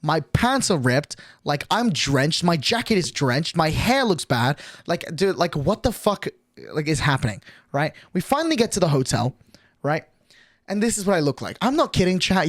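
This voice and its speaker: A man's voice: fairly high pitch, very animated, brisk, no echo, clean studio sound. A young adult man streaming, telling a story casually to his chat, swearing often and filling with "like". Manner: crude, swears a lot, lots of "like" fillers.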